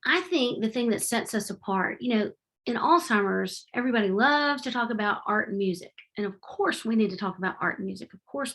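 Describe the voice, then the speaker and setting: A middle-aged woman giving a heartfelt, animated presentation over a video call. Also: mid-range voice. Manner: warm, heartfelt and animated, with faith-tinged phrasing. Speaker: presenter at a webinar. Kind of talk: presentation with slides. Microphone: remote video call.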